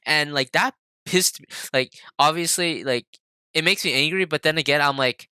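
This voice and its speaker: A man's voice: mid-range voice, animated, a little fast, pushed and bright, clean tone, dry recording. A young man co-hosting a podcast, telling a story in a rambling, profane way with many fillers. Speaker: podcast co-host. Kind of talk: casual storytelling chat.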